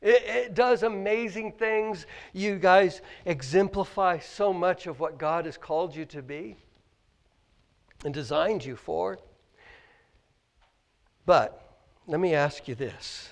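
A man's voice: sits high, takes it slowly, gravelly, long pauses. A man with a Midwestern American accent preaching a sermon in a church, earnest, full of questions, sometimes tripping over and repeating his words. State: choked up with emotion. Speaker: pastor. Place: church sanctuary.

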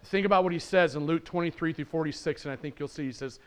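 A man with an American accent preaching a sermon as pastor, moving from hushed, intense passages to loud, exultant shouting. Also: on the high side, fast talker, few pauses, clear, resonant tone.

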